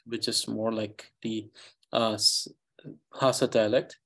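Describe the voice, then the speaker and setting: A man with an Eastern Tibetan accent teaching a language class over a video call, pausing often with fillers as he thinks aloud. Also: fairly low pitch, flat delivery, vocal fry, fairly bright tone. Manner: halting, many fillers, thinks aloud while explaining.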